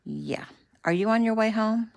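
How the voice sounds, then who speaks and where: A woman's voice: on the high side, normal speed, pitched above the performer's own voice, lightly acted. A woman reading as a fond, protective dad. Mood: fatherly. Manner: warm, teasing, fatherly. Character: fond, protective middle-aged father.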